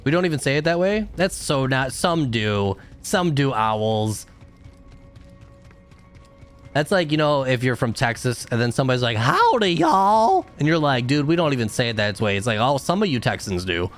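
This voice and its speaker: A man's voice: medium pitch, expressive, fairly quick, few pauses, soft background music. A young man doing live game commentary as a streamer, chatting with viewers and breaking into frustrated outbursts. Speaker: gaming streamer.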